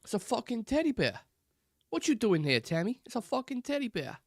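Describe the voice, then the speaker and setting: A man's voice: extremely high pitch, big pitch swings, a little fast, vocal fry, no room sound, studio quality, pitched above the performer's own voice, exaggerated voice. A man doing a foul-mouthed teddy bear. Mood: gruff, swearing. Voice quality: coarse, swearing.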